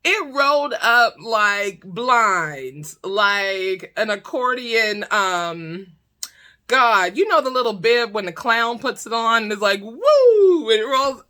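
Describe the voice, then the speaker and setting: Storyteller woman with a bright, sharp voice, blunt and laughing, casual vlog. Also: medium pitch, slow. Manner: animated, laughs often, blunt and profane. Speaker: storytime vlogger. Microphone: talking to her own camera.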